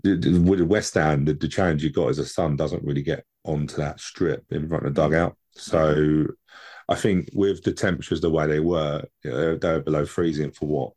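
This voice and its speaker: A man's voice: extremely low pitch, steady tone, normal speed, darkish tone, husky. A man co-hosting a casual football podcast from home, chatty and rambling, often repeating his words. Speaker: podcast co-host.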